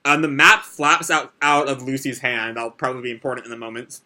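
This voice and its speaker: A man's voice: medium pitch, level tone, brisk, hardly any pauses, bright, forceful tone. A young man hosting a live manga reaction, reading and commenting in a casual, rambling way. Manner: casual, rambling, many fillers.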